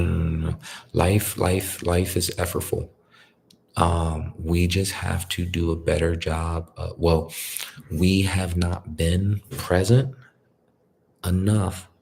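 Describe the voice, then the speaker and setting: Deep gravelly-voiced man, casual spiritual talk. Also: darkish tone, slight background noise. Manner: conversational, repeats "you feel me", colloquial grammar. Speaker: spiritual speaker.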